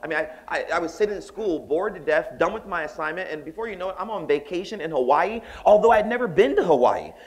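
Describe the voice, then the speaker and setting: A man from the Southern United States giving a conference keynote, telling stories in an animated, joking way with acted voices. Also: a little high, fast talker, hardly any pauses. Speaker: keynote speaker. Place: conference hall.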